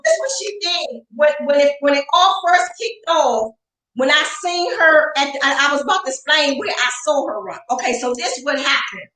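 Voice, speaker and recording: A woman's voice: sits high, expressive, normal speed, a bit bright. A woman speaking as an interview guest, ranting in a heated, profane, confrontational way with lots of emphasis. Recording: roomy echo.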